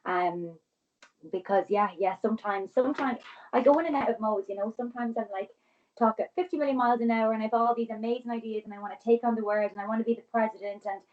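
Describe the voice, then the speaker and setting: A woman in her twenties, a podcast guest, talking quickly and earnestly in casual conversation with many restarts. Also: on the high side, narrow, tinny audio. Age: 20s.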